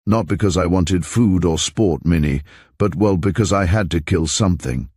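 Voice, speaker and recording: A man's voice: sits low, normal speed, a little mellow, slightly rough, no room sound, studio quality. A man voicing a gloomy young man who talks in a wry, self-mocking way.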